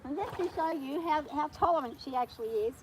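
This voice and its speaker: A woman vlogging from horseback on her farm, talking nervously and gently soothing her horse. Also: high voice, lively intonation, a little fast, slight background noise, rough recording. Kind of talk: casual spoken vlog.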